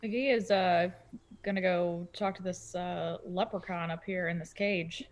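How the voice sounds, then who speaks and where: A woman's voice: on the low side, fairly even intonation, measured pace. Hesitant woman playing a tabletop game. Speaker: player. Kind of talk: casual game chat.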